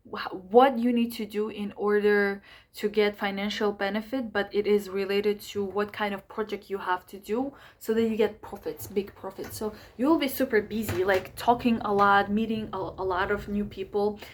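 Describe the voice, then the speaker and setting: Woman astrologer with a voice, rushed and full of ums and restarts, mid-pitched. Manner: hurried, full of fillers and self-corrections. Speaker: astrologer giving monthly sign readings. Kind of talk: casual rushed talk to camera.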